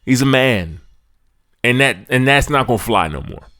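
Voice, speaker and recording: A man hosting a sports podcast, delivering a preachy monologue straight to his listeners in casual slang, swinging from loud emphasis to hushed asides. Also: medium pitch, expressive, normal speed.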